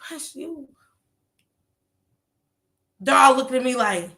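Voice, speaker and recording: A woman on a call, casually telling a story in animated fashion, laughing and swearing. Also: sits high, slow, long pauses.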